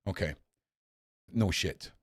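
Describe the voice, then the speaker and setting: A man hosting a podcast, reading headlines aloud and ranting at them, swearing often and swinging from low mutters to shouts. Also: takes it slowly, no echo, clean studio sound. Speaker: podcast host reading news. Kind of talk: ranting news commentary.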